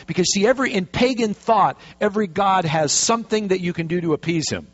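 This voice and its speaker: A man's voice: high voice, a little fast, hardly any pauses. A man, a pastor, teaching a Bible passage in a folksy, chatty way with jokey asides. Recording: dull lo-fi recording.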